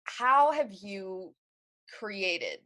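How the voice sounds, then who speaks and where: Giggly, lively-voiced woman podcast host. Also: mid-range voice, very slow, low-quality recording. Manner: giggly, rambling, many restarts. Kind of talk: casual podcast chat.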